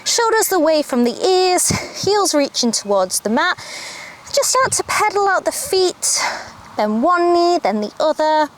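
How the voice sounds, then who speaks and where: A young adult woman teaching a yoga class outdoors, giving calm step-by-step cues. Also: extremely high pitch, measured pace, slight background noise. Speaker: yoga instructor. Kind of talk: guided yoga class instruction. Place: outdoors, birds audible. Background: faint outdoor ambience with birdsong.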